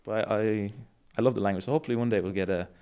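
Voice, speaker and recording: Irish man, young adult, smooth voice, casual chat, enthusiastic. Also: lowish voice, racing, a little mellow. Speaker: jiu-jitsu coach. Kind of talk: casual podcast conversation.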